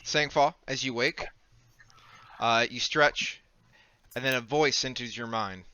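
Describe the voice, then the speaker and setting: Bright-voiced male game master. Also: mid-range voice, smooth, highs cut off. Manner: brisk rules calls mixed with scene narration. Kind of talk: running a tabletop game.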